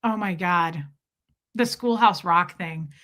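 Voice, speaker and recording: A woman's voice: on the low side, slow pace, fairly bright tone. A woman hosting a livestream in casual chat with viewers, telling stories freely, laughing and swearing as she goes. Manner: chatty storyteller who laughs and swears freely. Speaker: livestream host.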